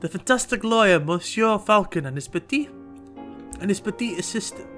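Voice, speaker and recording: A man's voice: high voice, lively intonation, a little fast, pitched above the performer's own voice. A man voicing a genteel young French lady. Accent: put-on French. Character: young French noblewoman, polite and hopeful. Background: game music.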